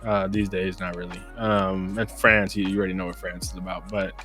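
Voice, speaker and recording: An American man co-hosts a casual sports podcast in a low, relaxed voice. He rambles through his points and drops "bro" often. Faint music plays in the background. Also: fairly quick. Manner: rambling, laid-back, lots of "bro". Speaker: podcast co-host.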